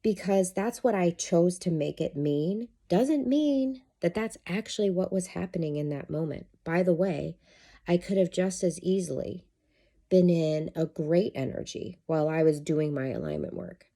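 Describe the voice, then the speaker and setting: Brief: candid middle-aged female life coach, low mellow voice, casual swearing. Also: normal speed. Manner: candid, chatty, swears freely. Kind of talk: casual monologue to camera.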